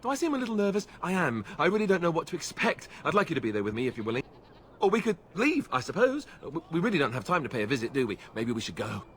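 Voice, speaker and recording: A nervous, stammering young warrior. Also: male voice, fairly high pitch, big pitch swings, fast, fairly bright tone, slight background noise. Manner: hesitant, stammering, anxious babbling. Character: nervous young warrior meeting his lost sister.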